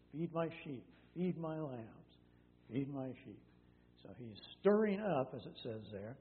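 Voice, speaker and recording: A male pastor teaching through a Bible passage in a conversational way, with many fillers and self-corrections. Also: mid-range voice. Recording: tinny phone-like sound in a reverberant hall with faint hum.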